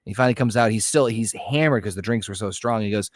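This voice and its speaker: A man with a lowish voice tells a long bar joke, stretching some parts out and rattling through others, with plenty of swearing. The sound is dry and close, with no room to it. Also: no room sound. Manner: rambling storyteller, drawls then rushes, swears freely. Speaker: podcast co-host. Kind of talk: casual joke-telling chat.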